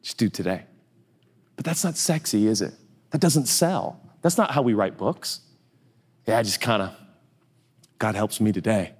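A man's voice: lowish voice, moderate pace, long pauses, slightly rough. A man preaching a sermon in a loose, joking way, acting out little dialogues. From US Northwest. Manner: conversational, jokey, acts out little dialogues. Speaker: pastor. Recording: long reverb of a large hall.

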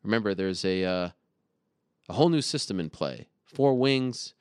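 A man in his thirties hosts an interview show, talking earnestly with his guest before announcing upcoming events. His voice is fairly low, animated and dark, at a normal pace, captured clean in a studio with no room sound.

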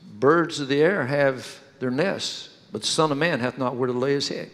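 A man preaching, dropping into a lower, quieter, stern voice to quote a solemn male teacher rebuking his followers. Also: moderate pace, in a large hall, close to an everyday voice.

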